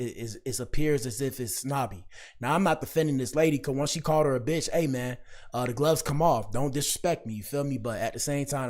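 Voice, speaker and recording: Slangy podcast host man, preachy. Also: mid-range voice. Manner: slangy, preachy, repeats himself. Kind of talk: casual commentary monologue.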